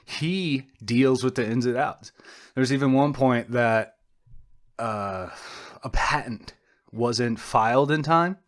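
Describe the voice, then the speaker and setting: A man's voice: mid-range voice, slow pace. A young man co-hosting a podcast, talking in a rambling, digressive way, poking fun at himself, restarting sentences and losing his thread. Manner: digressive, self-deprecating, frequent restarts and trailing off. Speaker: podcast co-host. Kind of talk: rambling casual monologue.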